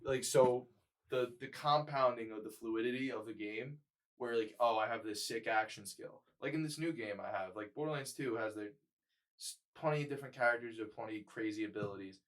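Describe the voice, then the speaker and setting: A man co-hosting a casual podcast, talking in an excited, rambling way, full of fillers and swearing. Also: medium pitch, brisk. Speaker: podcast co-host.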